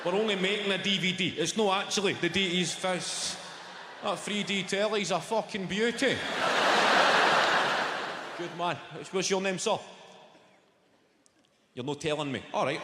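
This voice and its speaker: A man's voice: sits high, very noisy. A young Scottish man doing live stand-up on an arena stage, with brash, sweary banter at the crowd. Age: young adult. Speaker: stand-up comedian. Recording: echoey arena with long reverb, loud crowd.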